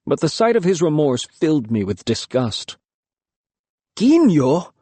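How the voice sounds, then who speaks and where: Male audiobook narrator, expressive and measured, middle pitch, lively, dry booth sound. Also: no echo. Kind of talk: scripted first-person narration.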